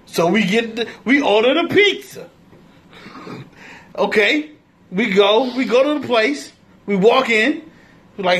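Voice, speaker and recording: A man co-hosting a casual podcast, telling a story slowly and laughing as he goes. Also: sits high, a bit bright. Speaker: podcast co-host.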